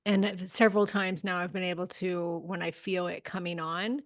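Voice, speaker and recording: A woman's voice: on the low side, moderate pace. A woman hosting a podcast, chatting casually and retelling her experiences with a lot of "like" in her speech. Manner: chatty, lots of "like", animated retelling. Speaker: podcast host. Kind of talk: casual interview chat.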